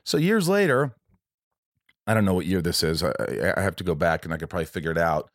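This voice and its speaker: A man in casual conversation, telling a personal story in a rambling way with many restarts and lively retold quotes. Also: deep voice, fast, no echo, studio quality.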